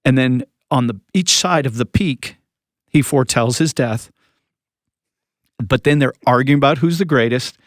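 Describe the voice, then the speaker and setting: A man co-hosts a church podcast in a relaxed, joking way. He often slips into little voices to act out the people he quotes. His voice sits at an ordinary pitch, and the recording is dry and close. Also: moderate pace, pauses often, no room sound. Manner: lively and joking, acts out quotes. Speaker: podcast co-host, church leader. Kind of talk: casual chat about scripture.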